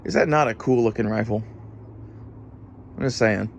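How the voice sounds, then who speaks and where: A man vlogging in a casual, rambling way, swearing freely and filling pauses with "uh" and "you know". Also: on the low side, a little hiss or hum. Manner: casual, profane, rambling with fillers. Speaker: gun channel vlogger. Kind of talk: casual rambling gear talk.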